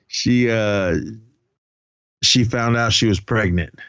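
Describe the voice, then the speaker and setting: A man's voice: lowish voice, drawn-out words, a bit bright, smooth, no room sound, highs cut off. A man co-hosting a podcast, recapping a film in casual chat, acting out lines loosely and laughing often. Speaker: podcast co-host.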